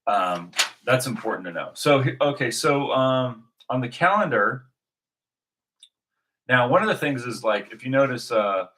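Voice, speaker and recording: A man's voice: medium pitch, animated, a little slow, sharp tone, poor audio. A man hosting his own video, reflecting aloud in an unscripted way, often restarting his sentences as he thinks. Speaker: video host.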